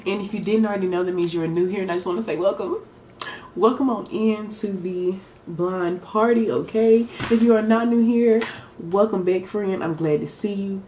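A woman's voice: medium pitch, normal speed, dark tone, roomy sound, a little hiss or hum. A young woman talking to her camera in a beauty vlog, chatty, sassy and full of slang, sometimes emotional. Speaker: beauty vlogger. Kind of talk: casual chat to camera. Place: room lit for filming. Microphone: camera mic.

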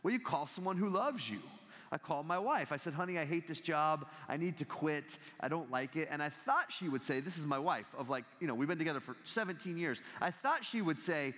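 A man's voice: on the high side, animated, fairly quick, a bit bright. A man in his thirties giving a campus talk as a guest speaker, telling a story with jokes and acting out the quoted lines. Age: 30s. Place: large hall. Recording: long hall reverb.

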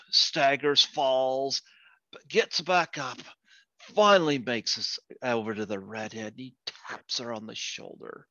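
A man hosting a podcast who tells long jokes at a slow, unhurried pace and laughs along with them. His voice is bright and forward. The sound is dull and lo-fi, in a very dry space. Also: medium pitch, dry recording. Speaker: podcast host. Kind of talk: casual chat, telling jokes.

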